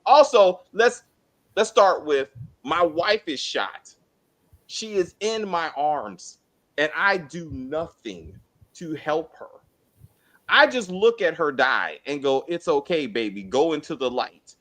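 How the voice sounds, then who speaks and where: A man's voice: fairly high pitch, very animated, slow, a bit bright. A man co-hosting a spoiler review of a TV show, ranting in exasperated, profane casual chat.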